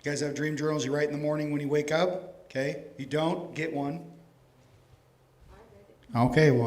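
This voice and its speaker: A man giving a casual, joking lecture to a live conference audience, animated and profane, addressing people directly. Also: fairly high pitch, normal speed, long pauses. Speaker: conference speaker. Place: conference hall stage.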